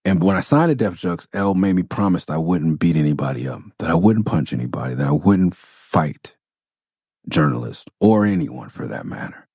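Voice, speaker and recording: Low-voiced profane storyteller, a man. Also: normal speed, husky, no room sound, studio quality. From Los Angeles. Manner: profane, animated anecdote-telling. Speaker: podcast host. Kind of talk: casual storytelling.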